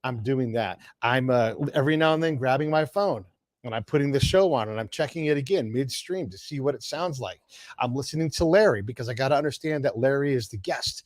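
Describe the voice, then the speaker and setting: A man hosting a podcast, eager and quick with asides, his voice sitting in a middle register. The sound is dry and close-miked. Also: mid-range voice, dry recording. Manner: energetic, talks in rapid asides with restarts. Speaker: podcast host. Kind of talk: casual conversation.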